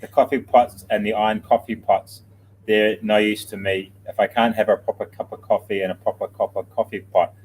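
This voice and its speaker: A man's voice: on the low side, level tone, a little fast, darkish tone, a little hiss or hum. A man co-hosting a casual morning livestream, laid-back, mumbling a little and chuckling at himself. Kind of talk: casual chat.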